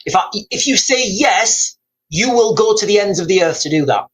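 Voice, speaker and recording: A man's voice: sits high, lively intonation, normal speed, a bit bright, poor audio. A man hosting a casual livestream, rambling, repeating himself and reading out viewer comments. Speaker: livestream host. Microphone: streaming mic.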